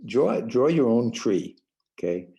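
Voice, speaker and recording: Older male workshop trainer from the New York suburbs, gravelly and very dark, casual lecture with halting restarts. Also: medium pitch, very animated, poor audio. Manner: rambling, repeats words and restarts, gentle. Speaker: trainer leading a parenting workshop.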